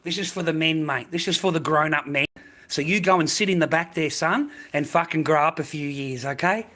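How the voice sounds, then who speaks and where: A man's voice: fairly high pitch, a little fast, sharp tone, poor audio. An Australian man hosting a livestream, ranting bluntly at his viewers in a profane, slangy, lecturing way. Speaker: livestream host.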